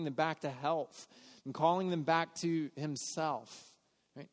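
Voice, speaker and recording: A fairly high-pitched man preaches in a conversational, earnest manner, slipping into the voices of the people he quotes. His voice rings out with the long reverb of a large church hall. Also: measured pace. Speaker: pastor. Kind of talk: sermon.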